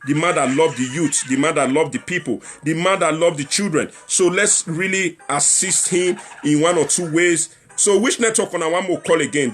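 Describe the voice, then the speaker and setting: A young Nigerian man hosts a loose livestream show, talking to his viewers in a rambling, repetitive way and mixing in Pidgin slang. His voice sits a little high for a man. Faint music plays in the background. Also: a bit bright. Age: young adult. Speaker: livestream talk show host. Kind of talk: casual livestream chat.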